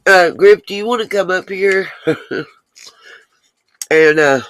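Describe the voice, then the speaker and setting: A woman hosting a casual livestream, chatting with her viewers and answering their comments as they come in. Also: lowish voice. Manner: chatty, talks straight to viewers, drawn-out asides. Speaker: livestream host.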